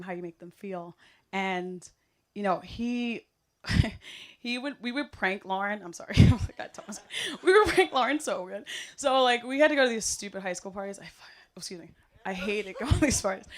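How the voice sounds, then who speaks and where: Young woman, mid-pitched voice, casual wedding toast, rambling, laughing a lot. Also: fairly bright tone. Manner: chatty, laughing often, rambling with fillers. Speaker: wedding guest giving a toast.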